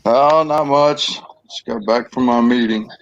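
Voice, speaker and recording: A man's voice: medium pitch, measured pace, creaky, dull audio. Folksy man on a call. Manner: folksy, easygoing. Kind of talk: casual chat on a video call. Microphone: video call.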